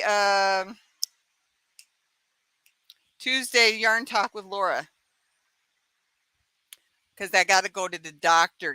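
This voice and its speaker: Woman host, casual home live-stream, chatty and laughing, bright voice. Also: fairly high pitch, clean tone, no room sound.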